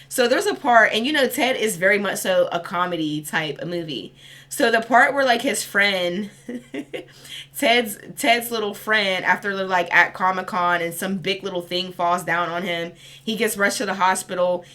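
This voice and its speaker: Young woman, spiritual card reader, casual rambling chat, bright tone. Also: on the low side. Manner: chatty, rambling, swearing casually. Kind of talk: casual spiritual reading vlog.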